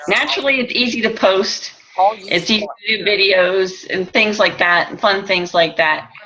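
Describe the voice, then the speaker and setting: A woman's voice: medium pitch, normal speed, dull audio, crowd noise. A woman coach on a group call, speaking hesitantly and a bit unsure. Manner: hesitant, soft-spoken, unsure.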